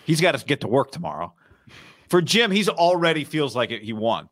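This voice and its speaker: A man co-hosting a casual sports podcast, speaking in a wry, deliberate, sarcastic manner. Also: mid-range voice, big pitch swings, fairly bright tone, no echo, clean studio sound. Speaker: podcast co-host.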